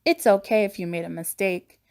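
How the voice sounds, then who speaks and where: A woman narrating a children's lesson on voices, gentle and encouraging. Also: mid-range voice, fairly quick, creaky, smooth.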